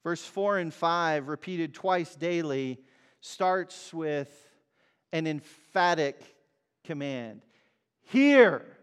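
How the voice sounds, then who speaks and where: A man preaching a sermon as pastor, emphatic and swinging from loud cries to quiet words. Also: on the high side, slow, clean tone. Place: church hall. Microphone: mic over speakers. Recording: long reverb of a hall.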